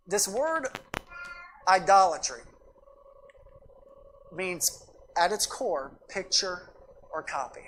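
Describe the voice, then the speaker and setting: A woman's voice: fairly low pitch, sing-song, slow pace, long pauses, a little hiss or hum. A woman pastor preaching a sermon in a church, emphatic and repetitive, weaving in anecdotes. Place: church sanctuary.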